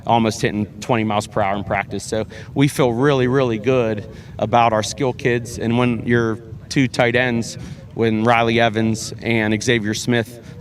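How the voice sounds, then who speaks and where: Earnest high school football coach. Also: male voice. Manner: earnest, repeats words, many fillers and restarts. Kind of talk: sports interview.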